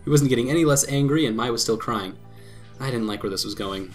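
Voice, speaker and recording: A man hosting a let's play, reading a visual novel aloud with quick laughs and commentary. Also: medium pitch, faint music behind. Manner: lively reading broken by laughs and asides.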